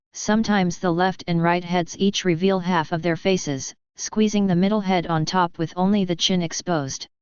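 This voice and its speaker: Low, crystal-clear woman narrating. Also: no room sound. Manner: steady, even reading. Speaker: audiobook narrator. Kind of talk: scripted narration. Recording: dry, slightly dull lo-fi.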